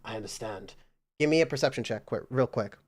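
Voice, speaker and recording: A man narrating as game master of a tabletop role-playing game, relaxed and halting with fillers. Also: mid-range voice.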